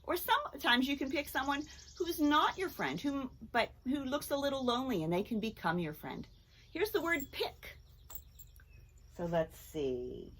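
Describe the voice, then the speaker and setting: A woman teacher giving a children's phonics lesson, speaking clearly and encouragingly and breaking into song with the kids. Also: high-pitched, very animated, unhurried, a bit bright.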